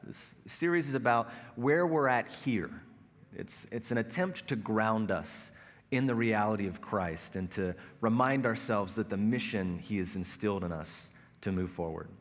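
A man in his thirties preaching a sermon as pastor, conversational and self-mocking, telling family stories. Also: fairly low pitch. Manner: conversational, self-mocking humor with acted-out anecdotes. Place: large church worship space. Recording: long hall reverb.

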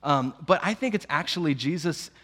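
Lively male preacher in a reverberant hall. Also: fairly high pitch, normal speed. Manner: playful, animated storytelling with jokes. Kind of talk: sermon.

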